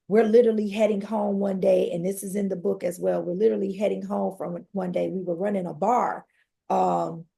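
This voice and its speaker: A woman, a podcast guest telling her personal story in a lively conversational way. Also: mid-range voice, creaky. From Detroit. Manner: animated, conversational storytelling with acted-out quotes.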